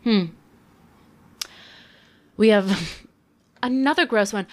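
A woman in her twenties reviewing a book in casual commentary, with sarcastic deadpan asides. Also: medium pitch, slow pace, pauses often.

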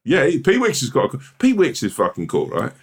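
A man's voice: mid-range voice, huge pitch swings, fairly quick, creaky. A man co-hosting a podcast in casual chat, teasing his co-host with sweary banter.

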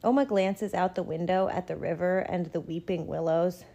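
Mellow-voiced woman reading a picture book. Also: on the low side, level tone, gravelly. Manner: gentle, measured storytelling. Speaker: storybook reader. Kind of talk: picture-book read-aloud.

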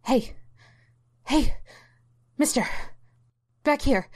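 A woman voicing an angry, frightened middle-aged mother who is sharp and demanding in a horror story. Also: a little high, brisk, pitched above the performer's own voice, close to an everyday voice. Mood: urgent. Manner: sharp, demanding, later pleading.

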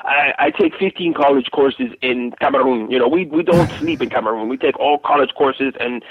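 A man's voice: medium pitch, normal speed, husky, natural voice. A man voicing a young male student in a put-on French accent, brushing off his workload as nothing. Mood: breezy. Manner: breezy, dismissive boasting. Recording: tinny phone line.

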